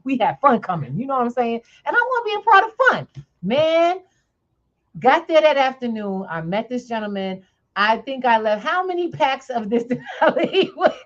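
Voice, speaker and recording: A woman hosting a podcast, telling a story in a lively, chatty way and laughing often. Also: a little high, moderate pace, highs cut off. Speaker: podcast host. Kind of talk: casual chat, storytelling.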